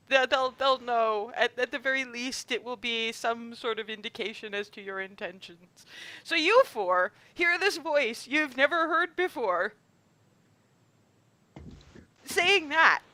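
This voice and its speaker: Bright, lively woman game master. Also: a little high, measured pace, no echo. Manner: animated, laughs often, stumbles and repeats. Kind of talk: narrating a tabletop game over a call. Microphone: video call.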